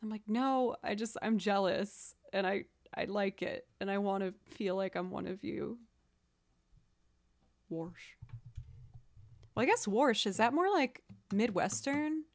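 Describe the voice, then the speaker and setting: A woman's voice: medium pitch, lively intonation, normal speed, hardly any pauses. A young woman from outside Boston chatting casually with her livestream viewers, talking about music and her loops with a self-deprecating humor. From outside Boston, Massachusetts. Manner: chatty, self-deprecating, reads chat aloud. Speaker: streamer and musician.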